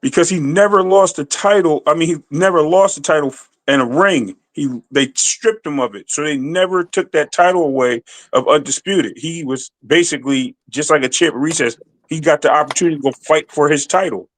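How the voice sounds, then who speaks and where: A man's voice: a little high, fairly quick, hardly any pauses, a bit bright, no room sound, rough recording. A man arguing his point in a casual sports debate, insistent and talking over the others.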